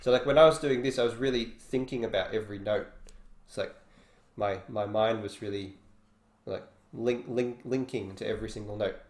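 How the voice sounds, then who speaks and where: A lowish, slightly mellow male voice with a steady tone and normal pace teaches guitar in an online workshop. He explains casually and thinks aloud between demonstrations, with roomy echo and faint guitar in the recording.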